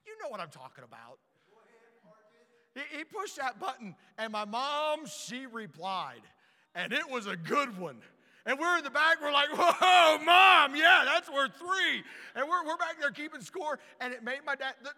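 A man preaching a storytelling sermon, animated and stumbling over repeated words as he starts sentences. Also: very high-pitched, moderate pace, long reverb tail.

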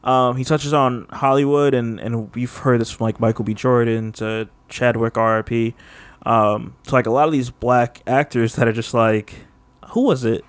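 A man's voice: mid-range voice, clean tone, no room sound. Guy rambling on a podcast, says like a ton, mid voice, dry close sound. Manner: rambling, heavy use of "like", laughs often. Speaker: podcast co-host. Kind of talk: casual chat.

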